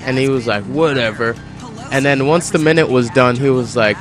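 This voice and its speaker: A teenage boy chatting casually over his gameplay, rambling through a story with frequent restarts. His pitch sits in the middle range, and soft music plays underneath. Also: moderate pace. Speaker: gameplay commentator.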